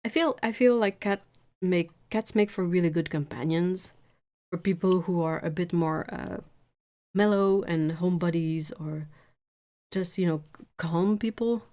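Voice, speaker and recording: A woman's voice: fairly low pitch, measured pace, dark tone. A woman chatting casually on a live stream from her home painting desk, rambling with frequent restarts. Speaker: art streamer.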